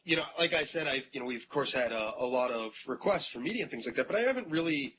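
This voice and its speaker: A man's voice: mid-range voice, animated, fast. A man from North Dakota answering interview questions in a dry, self-deprecating way. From North Dakota, USA. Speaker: interview guest. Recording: muffled, with noticeable background noise.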